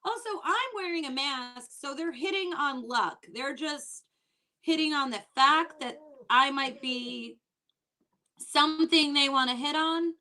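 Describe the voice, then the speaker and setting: A woman's voice: sits high, takes it slowly, bright, forceful tone. A woman comedian doing a stand-up set from home, telling exasperated stories and quoting people. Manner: chatty, exasperated storytelling with quoted voices. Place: at home, online show.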